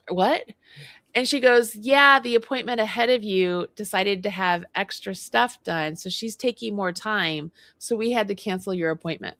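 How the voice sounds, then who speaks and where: A woman's voice: medium pitch, gravelly, a bit bright, no room sound. A woman co-hosting a casual livestream chat, animatedly telling a story and acting out both sides of it. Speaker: co-host. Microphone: livestream mic.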